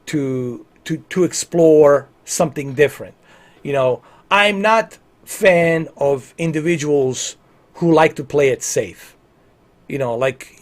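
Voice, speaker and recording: Chatty forties man, slightly high voice. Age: 40s. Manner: rambling, repeats "man" and "you know"; earnest and opinionated. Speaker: livestream gamer. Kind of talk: casual livestream chat.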